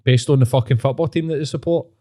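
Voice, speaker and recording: A man's voice: medium pitch, fast talker, warm tone. A man with a Glaswegian accent hosting a podcast, ranting and mocking in sweary casual chat. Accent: Scottish (Glaswegian). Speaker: podcast host.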